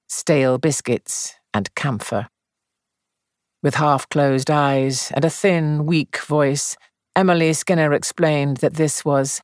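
Woman reading an audiobook, low voice, dry close sound. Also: darkish tone, no room sound. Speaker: audiobook narrator. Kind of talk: scripted narration.

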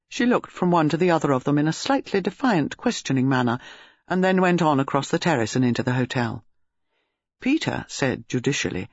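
A woman narrating a novel in an expressive storytelling manner. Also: low-pitched, moderate pace, dry recording. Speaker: audiobook narrator. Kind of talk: scripted narration. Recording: slightly dull lo-fi audio.

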